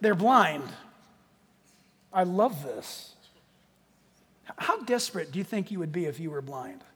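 A man preaching a sermon in a lively, joking way, acting out quotes from the text. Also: high voice, unhurried, husky, big-room sound. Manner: animated, jokey preaching with acted-out quotes. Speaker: pastor.

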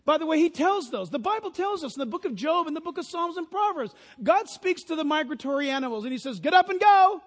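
A man preaching a sermon as pastor, telling stories with lively imitations of honking geese. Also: very high voice, fast talker, few pauses, in a large hall.

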